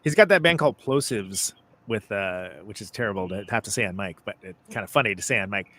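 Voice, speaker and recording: A man's voice: on the low side, animated, fast talker, sharp tone. A man hosting a music podcast, chatting casually and joking with his guest. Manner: laid-back, joking, chatty. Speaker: podcast host.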